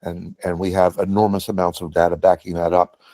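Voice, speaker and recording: A man's voice: low voice, level tone, fairly quick, dark tone, no echo. A man in a meeting discussion, making his points emphatically and stressing key words. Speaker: meeting participant. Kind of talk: discussion comment.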